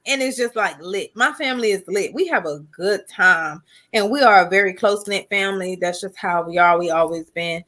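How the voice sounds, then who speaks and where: A woman guest on a casual livestream talk show, an animated storyteller. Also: medium pitch, a little fast, few pauses. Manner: animated storyteller, mimics family voices. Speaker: guest YouTuber.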